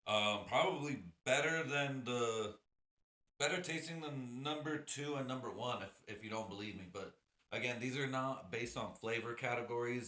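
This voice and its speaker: Profane, rambling podcast host, male, sipping whiskey, bright tone in a roomy space. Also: on the low side. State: drinking whiskey as he talks. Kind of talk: casual solo podcast chat.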